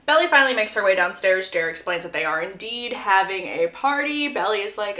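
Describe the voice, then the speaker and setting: Animated female book recapper, gossipy, very expressive pitch, echoey room. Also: brisk, few pauses.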